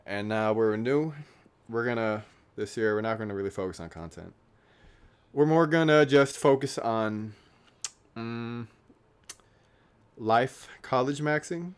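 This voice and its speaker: A man's voice: mid-range voice, unhurried, long pauses, clear, resonant tone. A young man in his late teens vlogging casually, rambling and joking at his own expense. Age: young adult. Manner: rambling, self-deprecating, joking. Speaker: YouTuber.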